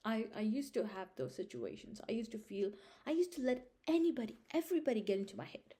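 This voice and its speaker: A woman's voice: a little high, lively intonation, fast, mellow. A young woman vlogging casual life advice straight to her viewers, emphatic and repetitive, often checking in with a question. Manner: emphatic, repeats points, checks in with "Understand?". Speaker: vlog host giving life advice. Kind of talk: casual direct-to-camera advice.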